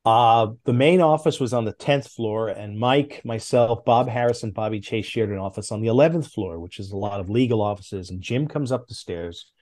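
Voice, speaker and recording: A middle-aged man, a former comics editor, telling stories as a podcast guest in a lively, casual way, with big swings in pitch. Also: normal speed, few pauses. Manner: animated anecdotes, with big jumps in pitch.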